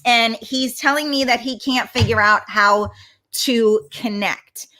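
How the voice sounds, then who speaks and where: Bright, high-voiced chatty woman host. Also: slow pace. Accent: New York. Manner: chatty, flustered by tech trouble. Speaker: talk show host. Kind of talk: casual livestream chat.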